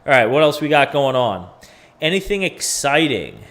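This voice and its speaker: A man's voice: on the high side, big pitch swings, normal speed, fairly bright tone. Chatty man hosting a crypto chart stream. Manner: chatty, talks to viewers, thinks aloud with fillers. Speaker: crypto livestream host. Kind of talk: casual livestream chart analysis.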